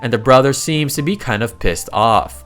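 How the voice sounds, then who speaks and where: A man casually recapping a comic story, excitable and slangy, often breaking in with exclamations. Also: mid-range voice, normal speed, soft background music. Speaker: manhwa recap narrator.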